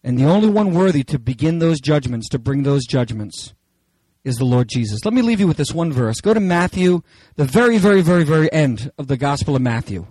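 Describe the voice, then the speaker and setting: A man preaching a sermon with passion, swinging between raised, shouted lines and hushed asides. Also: fairly high pitch, lively intonation, a little fast, dry recording, poor audio. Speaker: pastor.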